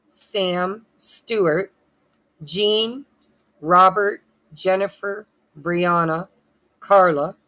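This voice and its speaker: A woman giving a pick-a-pile tarot reading with a hoarse throat she keeps clearing, talking in a halting way, spelling out names and losing her place. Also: medium pitch, fairly bright tone, rough recording. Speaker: tarot reader.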